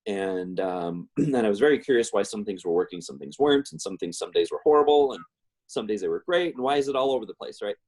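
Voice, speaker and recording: A man's voice: fairly low pitch, lively intonation, fast, darkish tone. A middle-aged man telling a personal story in a rambling way, with many fillers and restarts. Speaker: guest speaker.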